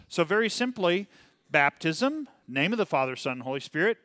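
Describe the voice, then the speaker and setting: A man leading a church Bible class in a casual, animated way, rambling and often checking in with "okay?". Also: fairly high pitch, normal speed, no room sound, clean studio sound. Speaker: pastor teaching a Bible class.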